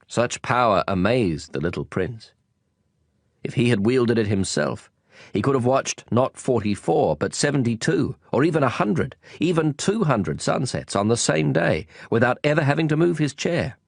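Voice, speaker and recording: Casting: male audiobook narrator, calm, expressive reading, dry close sound. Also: medium pitch, moderate pace, gravelly, no room sound.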